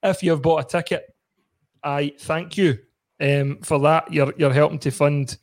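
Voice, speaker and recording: A Scottish man hosts a casual football podcast with a fairly high voice. He is chatty and laughs often. He swears loosely as he runs the show. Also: fairly even intonation, measured pace. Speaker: podcast host.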